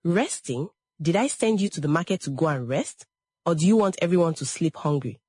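A woman's voice: fairly low pitch, animated, a little fast, a little mellow, breathy edge, no room sound. A woman voicing a bitter, harsh village mother who scolds sharply. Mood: scolding.

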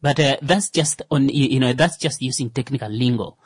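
A man's voice: medium pitch, brisk, slightly rough, no echo. A man co-hosting a casual radio talk show, speaking hesitantly with many fillers and restarts. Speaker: co-host.

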